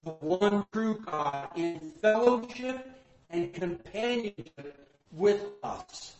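A male pastor teaching from the Bible in a sermon, swinging between loud emphatic bursts and quiet asides. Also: high-pitched, expressive, slow pace, faint music behind. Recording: echoey room.

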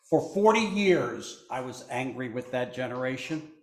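A man's voice: mid-range voice, animated, reverberant. A man preaching a sermon, reading scripture and adding asides to the congregation. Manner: slow, deliberate delivery with asides to the congregation.

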